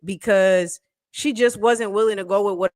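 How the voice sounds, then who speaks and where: Animated woman co-hosting a sports chat. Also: mid-range voice, moderate pace. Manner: animated, laughs often, teasing. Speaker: sports talk show co-host. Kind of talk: casual live-stream chat.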